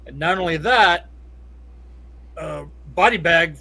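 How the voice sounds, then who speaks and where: A man's voice: on the high side, normal speed, sharp tone. A middle-aged man from Southern California telling a rambling, profane story as a podcast guest, laughing often. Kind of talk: casual storytelling.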